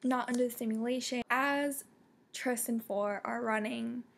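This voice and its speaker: A young woman chats excitedly through a casual book review. Her voice sits a little high and has a husky edge. She stumbles over her words and keeps saying "like" and "um". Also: measured pace. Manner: excitable, many fillers and restarts. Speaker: book vlogger.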